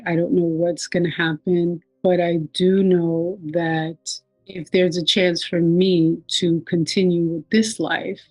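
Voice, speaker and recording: A woman's voice: fairly low pitch, darkish tone, no echo, rough recording. A woman recounting her near-death experience in a reflective, personal storytelling manner. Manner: reflective, quotes herself and others with raised voice.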